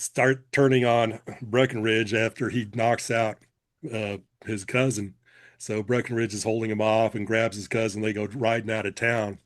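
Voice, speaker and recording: A man in a relaxed podcast chat, retelling a story with plenty of laughs and the odd cleared throat. His voice sits at a middling pitch. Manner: chatty, laughs often, clears throat, restarts.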